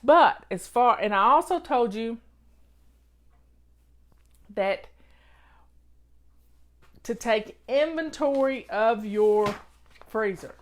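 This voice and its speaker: A woman's voice: on the high side, expressive, very slow, pauses often, slight background noise. A woman with a Southern accent, hosting a live stream and giving folksy, motherly advice in casual chat. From Southern United States. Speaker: host of a home-organizing live show.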